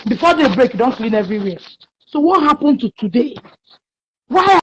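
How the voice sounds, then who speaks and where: A high-pitched Nigerian woman speaks with strong conviction, scolding and emphatic, with pidgin phrases woven into her talk. The recording is dull and lo-fi. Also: very animated, normal speed, husky. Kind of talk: passionate opinion talk. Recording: muffled lo-fi recording.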